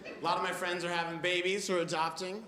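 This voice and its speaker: Man in late twenties, stand-up comic, fairly high voice, roomy echo, loud club noise. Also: flat delivery, quick pace, over a noisy crowd. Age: late 20s. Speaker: stand-up comedian. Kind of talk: stand-up comedy set. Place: comedy club stage before a laughing audience.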